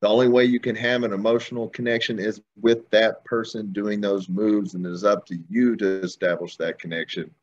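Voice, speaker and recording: A man co-hosting a podcast, talking in a steady, reflective way, recorded with dull lo-fi sound and faint noise behind him. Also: on the low side, fairly quick, hardly any pauses. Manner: steady and reflective, talks things through. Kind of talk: casual podcast chat.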